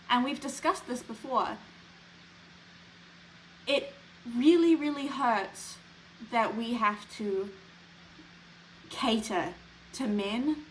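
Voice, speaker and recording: Slow, halting young woman on a podcast. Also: on the high side, a little hiss or hum, low-quality recording. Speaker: podcast co-host. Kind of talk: casual chat.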